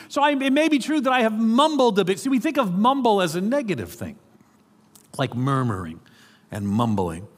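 A middle-aged pastor from New York City with a New York accent, preaching an animated sermon with joking asides to his congregation. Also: on the high side. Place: church hall. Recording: reverberant church hall.

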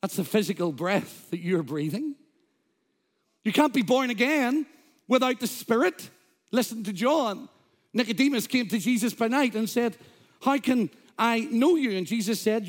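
A man with a notably high voice preaches a sermon from the pulpit. He delivers it emphatically, quoting scripture and throwing in humor for the congregation. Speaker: pastor. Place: church.

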